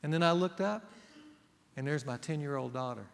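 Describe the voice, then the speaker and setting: A man's voice: fairly high pitch, moderate pace, vocal fry. A middle-aged male pastor preaching a sermon, earnest and emphatic, putting rhetorical questions to the congregation. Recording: long hall reverb.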